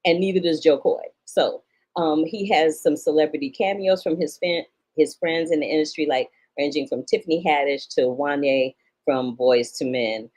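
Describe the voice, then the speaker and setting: A woman with a low speaking voice hosts a relaxed film review podcast. She is from St. Louis, Missouri, and talks emphatically. She keeps dropping slangy asides straight to her listeners. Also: normal speed, poor audio. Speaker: film critic and podcast host. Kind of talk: casual film review chat.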